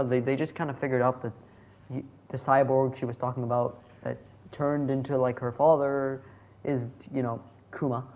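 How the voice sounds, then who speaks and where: A man's voice: medium pitch, flat delivery, normal speed, muffled recording. A man reviewing a manga chapter in casual solo commentary, rambling, correcting himself and chuckling as he goes.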